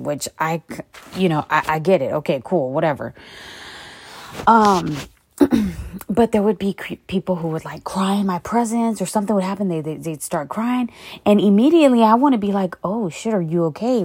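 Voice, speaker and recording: Woman, lowish voice, solo podcast host; blunt and profane, rambles freely. Dry, close sound. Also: darkish tone, no room sound. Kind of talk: casual solo podcast monologue.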